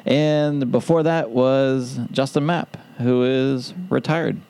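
Mellow-voiced man hosting a casual podcast. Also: mid-range voice, steady tone, slow pace, vocal fry, smooth. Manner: rambling, laughs at his own ideas. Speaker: podcast co-host.

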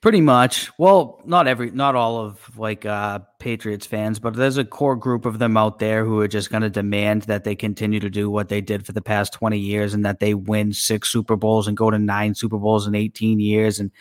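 A man's voice: lowish voice, steady tone, normal speed, few pauses, dry recording, studio quality. A man co-hosting a casual sports podcast, plain-spoken and agreeable, with some hesitations. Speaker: podcast co-host.

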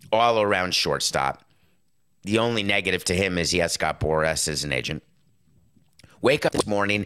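A middle-aged man hosting a sports talk show, giving an opinionated monologue with sarcastic, punchy stresses. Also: fairly low pitch. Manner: emphatic, sarcastic, punchy with sudden loud stresses.

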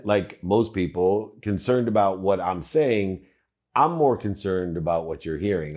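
A man with a very low, deep voice talks straight to his viewers. He is reflective and earnest. He strings his points together in steady, measured lists. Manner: measured, earnest, list-like phrasing. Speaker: host of own video channel. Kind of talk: reflective commentary to camera.

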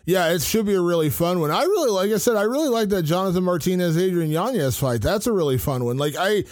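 A man co-hosting a casual podcast chat, talking in an animated way and filling his speech with "like". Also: high voice, fast talker, no room sound, studio quality. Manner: chatty, animated, heavy use of "like". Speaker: co-host, reporter.

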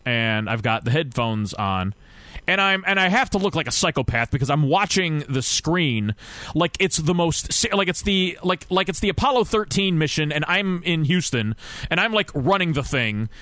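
A man's voice: on the high side, a bit bright, dry recording. A man hosting a podcast, ranting casually and with frustration about his football team, rambling and restarting his sentences often. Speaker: podcast host. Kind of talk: casual sports rant.

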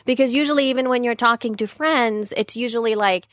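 A woman's voice: fairly high pitch, brisk, a bit bright, no echo, clean studio sound. A woman in casual chat, talking candidly and rambling, often correcting herself mid-sentence.

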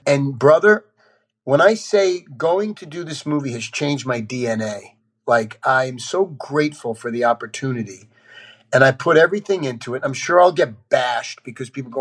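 This man's voice is a little high and moves at a moderate pace. He's an actor guesting on a podcast, an animated, blunt storyteller who shares candid tales and drops casual swear words.

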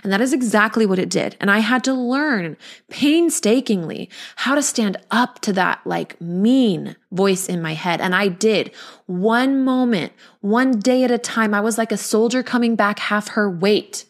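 A woman's voice: mid-range voice, unhurried. A woman in her thirties hosting a podcast, sharing personal struggles in a candid, rambling way. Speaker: podcast host.

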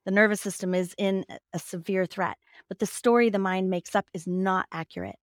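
Lively storytelling woman, dry close sound. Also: mid-range voice, fairly quick, no echo. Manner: lively storyteller who laughs and acts out quoted voices. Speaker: guest, mind-body physician and author. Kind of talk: casual interview conversation.

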